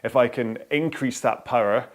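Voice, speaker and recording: A man's voice: medium pitch, normal speed. A man hosting a live rowing workout stream, talking in a chatty, rambling way with lots of fillers and restarts.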